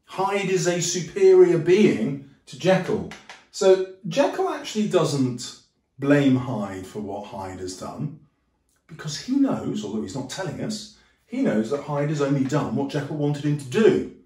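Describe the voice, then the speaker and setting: Animated male teacher in an echoey room. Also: a little high, measured pace, far from the mic. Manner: animated, jokey, acts out quotes in funny voices. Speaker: English teacher. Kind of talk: lively lesson with acted-out voices. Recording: echoey room, voice a little off-mic.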